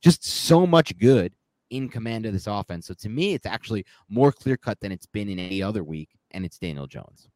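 A man on the low side, expressive and fairly quick with a slightly mellow tone, co-hosts a sports podcast. His game breakdown is loose and rambling, punctuated by self-corrections and laughs at his own slips; there's no room sound.

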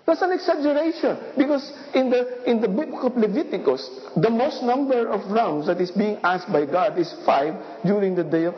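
Animated woman preaching in a hall. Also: on the high side. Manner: animated, rhetorical questions, acts out voices of God and people. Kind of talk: sermon. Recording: dull sound with long hall reverb.

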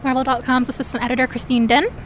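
A woman's voice: high-pitched, little pitch movement, fast, a little hiss or hum. A woman co-hosting a podcast, giving news in a precise, slightly formal way. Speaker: podcast co-host. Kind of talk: casual news roundup.

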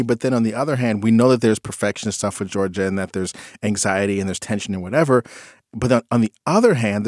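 A man's voice: medium pitch, no room sound. Dry-voiced man telling a family story. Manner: reflective storyteller, animated when quoting his kids. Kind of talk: casual chat.

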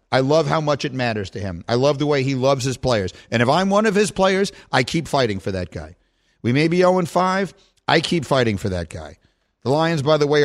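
Middle-aged male sports radio host, slightly high voice, animated banter. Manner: animated, chatty, playful with co-hosts. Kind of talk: casual sports talk radio.

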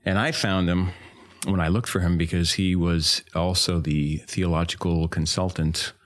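A man's voice: sits low, fairly even intonation, normal speed, a bit bright. A man talking as a guest on a podcast, hesitant with many fillers and restarts. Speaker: guest actor. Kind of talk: casual podcast chat.

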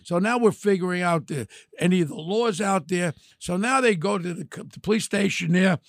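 An older man, hosting a podcast and telling crime stories in an animated, brash way. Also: sits high, a little fast, no room sound, clean studio sound. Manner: animated, brash storytelling, acts out quotes. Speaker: podcast host. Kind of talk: storytelling chat.

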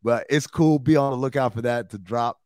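A male podcast co-host in casual chat who tells stories with a lot of slang and swearing. His voice sits at a middle pitch and is recorded dry and close to the mic. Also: fairly quick, dry recording. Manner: animated storytelling, swearing and slang.

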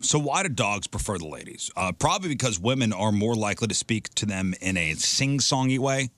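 A man's voice: fairly low pitch, expressive, fairly quick, a bit bright, dry recording. A man hosting a radio show, casually reading out odd news items and riffing on them with his co-hosts. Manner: chatty, reads stories then riffs.

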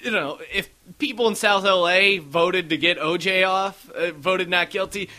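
A man's voice: sits high, moderate pace, bright, forceful tone. A man hosting a casual podcast, rambling through stories and acting out what others said. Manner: rambling storyteller, acts out quotes. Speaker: podcast host.

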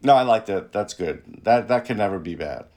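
A man's voice: fairly low pitch, animated, moderate pace, darkish tone. A man co-hosting a casual sports chat, laid-back with wry, dry humor. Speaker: podcast co-host.

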